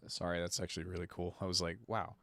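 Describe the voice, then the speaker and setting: A man's voice: deep voice, completely flat delivery, racing, bright, forceful tone. A man casually thinking aloud to himself while producing a beat, muttering and joking. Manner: mutters to himself, self-deprecating. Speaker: music producer streamer.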